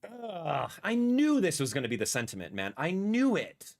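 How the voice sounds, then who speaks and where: Animated, exasperated young man ranting. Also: fairly high pitch, moderate pace, creaky. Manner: animated, exasperated rants with sudden loud outbursts. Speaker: streamer reacting live. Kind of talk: casual livestream reaction.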